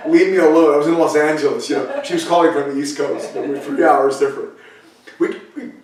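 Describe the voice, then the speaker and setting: Older man, pastor, chatty storytelling sermon, slightly raised pitch, echoey room, mic at a distance. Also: fairly even intonation, fairly quick, darkish tone. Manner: storytelling, chatty asides and restarts. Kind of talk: conversational sermon. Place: church sanctuary, echoey room.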